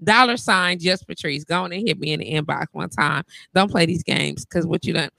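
A woman hosting a live-stream talk show from bed, teasing her guest and reading viewer comments aloud in loud, joking banter. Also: on the low side, fairly quick, vocal fry, no room sound. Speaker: livestream talk show host.

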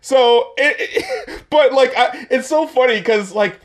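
A man's voice: very high voice, takes it slowly. A man chatting casually, rambling and mocking, swearing freely and laughing often, with many "like" fillers. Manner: profane, rambling, lots of "like" fillers. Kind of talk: casual chat.

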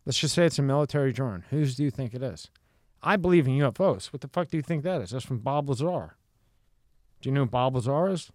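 A man in casual podcast talk, blunt and full of profanity, who drives the conversation with questions. His voice sits at a middle pitch. The recording is dry and close. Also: expressive, fast talker, darkish tone, no echo. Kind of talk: casual chat.

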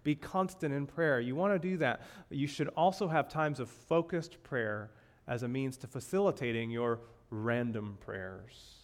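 Man preaching with emphatic repetition. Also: a little slow. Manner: conversational, repeats key phrases, rises in pitch for emphasis. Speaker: pastor. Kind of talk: sermon.

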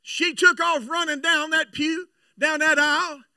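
A man preaching at a church revival, swinging from chatty storytelling to loud shouting. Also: very high voice, flat delivery, unhurried, dry recording, studio quality, distant mic. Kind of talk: revival sermon. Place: church sanctuary.

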